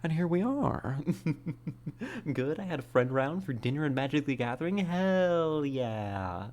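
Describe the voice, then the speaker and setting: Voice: mid-range voice, very animated, a little slow, a little mellow. Livestream host, casual chat, rambling, playful, greets viewers, slightly winded, home streaming setup. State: a little winded after exercise.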